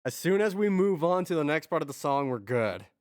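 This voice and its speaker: A man's voice: a little high, very animated, brisk, smooth, dry recording, clean studio sound. A man streaming as he writes music, talking casually to himself, muttering, trailing off and restarting his thoughts. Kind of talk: casual thinking aloud while working.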